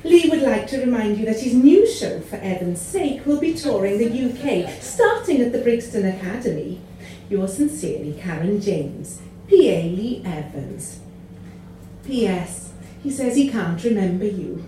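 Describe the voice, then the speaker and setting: A woman's voice: on the high side, lively intonation, measured pace, dark tone, a little hiss or hum. A woman reading comic letters aloud in a prim, polite way, laughing now and then. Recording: echoey room from far off.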